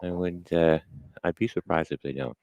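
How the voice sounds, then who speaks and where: A man commentating a curling game, chatty and relaxed, with fillers and a slight breathlessness. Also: sits low, moderate pace, no room sound, lo-fi sound. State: a little out of breath. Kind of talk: play-by-play sports commentary.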